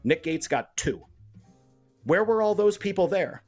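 A man co-hosting a sports betting podcast, arguing his point in a quick, animated way and often cutting himself off mid-sentence. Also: sits high, soft background music. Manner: argumentative, animated, self-interrupting. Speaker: podcast co-host. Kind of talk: casual sports betting chat.

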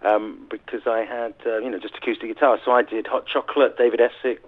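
A man's voice: medium pitch, flat delivery, quick pace. A man from England, a guest musician telling laughing anecdotes in a casual interview. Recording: tinny phone line.

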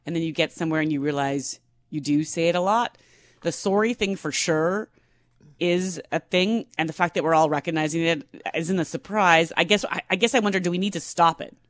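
Woman, Canadian radio co-host, chatty, lowish voice, dry sound. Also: a little fast, no room sound. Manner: chatty, laughs often, says "like" a lot. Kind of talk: morning radio talk.

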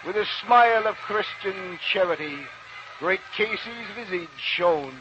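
A man recites verse in a grand declamatory style, rising to shouts and dropping to somber hushes. His voice sits high. Loud hiss and a dull, narrow sound mark an old radio recording. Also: animated, a little slow.

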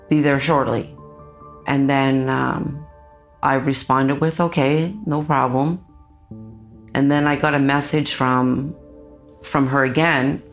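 A mother speaking in an interview, recounting a traumatic night in a halting, pained way, repeating words as she goes. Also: extremely low pitch.

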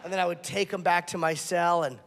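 A man with a high voice performs crude, self-mocking stand-up comedy. He plays short bits in other voices. The set is caught live in a room with long reverb and clear crowd noise. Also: flat delivery, brisk. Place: comedy club stage before a laughing audience.

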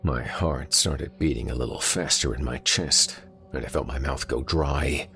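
A man narrating a first-person horror story in a tense, measured manner. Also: very deep voice, sharp tone, soft background music.

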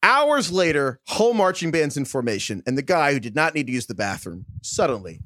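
A man's voice: fairly high pitch, a little fast, no room sound, studio quality. A man co-hosting a podcast, reading listener emails aloud and acting out the quoted lines. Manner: animated storytelling, acts out quoted lines.

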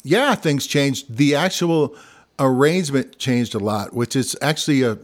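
A man from Missouri with a gravelly voice and a slight country twang in his Midwestern speech, chatting loosely and laughing often. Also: medium pitch, lively intonation, a little slow. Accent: Midwestern American with a slight country twang. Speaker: guest singer-songwriter. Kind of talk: casual conversation.

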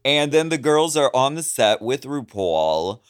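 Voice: medium pitch, big pitch swings, unhurried, clear, resonant tone. A podcast co-host in casual chat, playful, with mock-stern joking asides.

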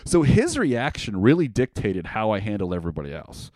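A man hosting a podcast, telling a story in a casual, animated way, acting out what others said and swearing freely. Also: fairly low pitch, brisk, no room sound, studio quality. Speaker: podcast host.

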